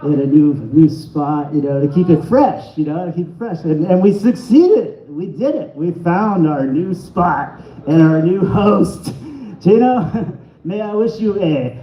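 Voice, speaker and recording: A fairly high-voiced man talks his way through a stand-up set, halting and restarting as he rambles and mocks himself. He is recorded in an echoey small bar with a muffled, lo-fi sound. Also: a little hiss or hum. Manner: rambling, self-deprecating, halting delivery with restarts. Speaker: stand-up comedian at an open mic. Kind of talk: stand-up set with crowd work. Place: small bar comedy venue.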